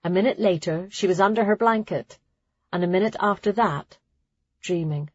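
A woman narrating an audiobook in a steady storytelling reading. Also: mid-range voice, normal speed, breathy edge, no echo. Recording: dry, slightly dull lo-fi sound.

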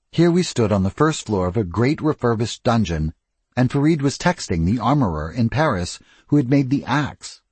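Expressive male narrator, husky, lively, dry close sound; fits first-person audiobook. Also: fairly low pitch, dry recording.

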